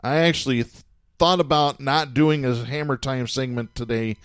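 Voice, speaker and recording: A man's voice: mid-range voice, fairly even intonation, normal speed, clear, resonant tone, no echo. A man hosting a political podcast, reading news stories aloud with sardonic chuckles in a casual, talky way. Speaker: podcast host.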